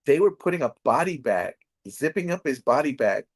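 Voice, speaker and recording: A middle-aged comedian from Texas, with a slightly high, slightly rough voice at a moderate pace, hosts a casual chat. He's animated and laughing as he tells family stories, acting out the voices of the people he quotes.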